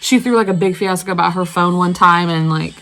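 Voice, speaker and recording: A woman's voice: lowish voice, fairly quick, a bit bright, rough recording. A young woman vlogging casually, rambling through a story while she does her makeup. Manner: rambling, chatty, lots of fillers. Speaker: beauty vlogger.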